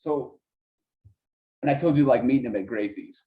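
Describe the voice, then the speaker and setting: A man of ordinary pitch tells stories with gusto and switches voices for the people he quotes. His voice comes through a tinny, phone-like connection with a narrow band. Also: moderate pace. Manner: animated storyteller, acts out voices in quotes. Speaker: podcast guest. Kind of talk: casual storytelling.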